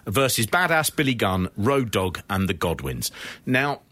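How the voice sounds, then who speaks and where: A man's voice: lowish voice, a little slow, no echo. A man co-hosting a podcast in casual, comedic chat, laughing and swearing as he tells stories. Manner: animated, laughing, swearing storyteller. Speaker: podcast co-host.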